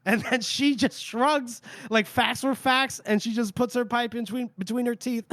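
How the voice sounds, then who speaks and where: A man's voice: extremely high pitch, fairly even intonation, moderate pace, a bit bright, no room sound. A man co-hosting a podcast, casually and animatedly retelling a book chapter with laughs and swearing. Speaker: podcast co-host. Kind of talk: casual chat.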